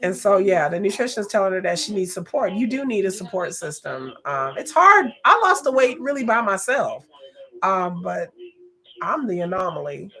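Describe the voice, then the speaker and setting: A woman hosting a reaction video, talking in a casual, animated and blunt way, often exclaiming and laughing as she comments. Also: medium pitch, moderate pace.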